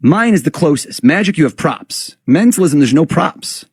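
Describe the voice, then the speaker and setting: A man guest on a podcast, relaxed and explanatory, often tagging questions with "right?". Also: fairly high pitch, moderate pace, breathy edge, dry recording, clean studio sound. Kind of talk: casual interview talk.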